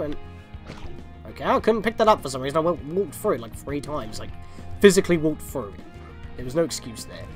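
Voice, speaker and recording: A man giving casual walkthrough commentary on a video game, rambling, laughing and easily exasperated. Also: fairly high pitch. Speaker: gaming commentator.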